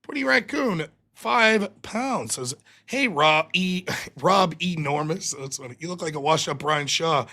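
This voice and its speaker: A man hosting a live call-in stream, talking casually and animatedly, often sounding exasperated and mocking. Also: a little high. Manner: animated, exasperated, quick to mock. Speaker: livestream host.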